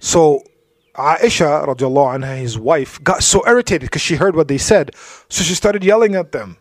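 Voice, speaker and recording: A man's voice: fairly high pitch, expressive, fast talker, dry recording. A man giving a religious talk, telling stories in a conversational way with frequent asides. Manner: storytelling, drops to soft asides, frequent "you know". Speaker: Islamic speaker.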